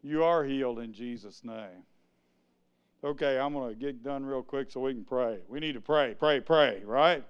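A male preacher giving an exuberant sermon, breaking into sudden shouts and asking the congregation to answer him. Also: medium pitch, normal speed, smooth, dull audio.

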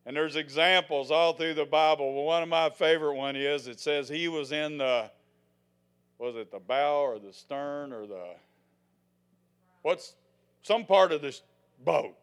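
Older male preacher, high voice, folksy and theatrical, loud to hushed. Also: measured pace, long pauses, smooth. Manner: dramatic, swings from loud to hushed; folksy, acts out the scenes he tells. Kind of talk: sermon.

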